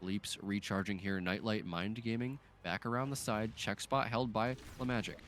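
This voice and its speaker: A man with a lowish voice calls live esports play-by-play, smooth and steady, climbing in excitement when a big play lands. A faint hiss of noise sits under his voice. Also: normal speed. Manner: fluent, rising excitement on big plays.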